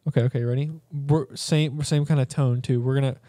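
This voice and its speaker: A man's voice: medium pitch, steady tone, a little fast, dark tone, no echo. A man co-hosting a podcast in casual chat, rambling and joking with frequent laughs. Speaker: podcast co-host.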